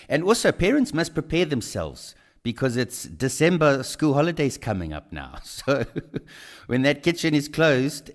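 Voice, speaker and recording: Low-voiced male co-host. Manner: conversational, hesitant with fillers. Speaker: radio co-host. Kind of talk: talk radio chat.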